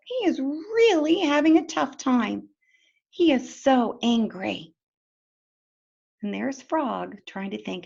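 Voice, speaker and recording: A woman teacher reads a storybook aloud to children, turning to them with questions. Her voice is high and lively, moving slowly through the story. The recording sounds dull and lo-fi. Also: vocal fry. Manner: expressive, talks to children directly.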